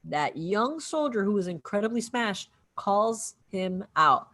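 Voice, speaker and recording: A woman co-hosting a casual podcast about a film, talking animatedly and acting out the characters' lines in quick bursts. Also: mid-range voice, lively intonation, bright, forceful tone. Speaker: podcast co-host. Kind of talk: casual film discussion over drinks.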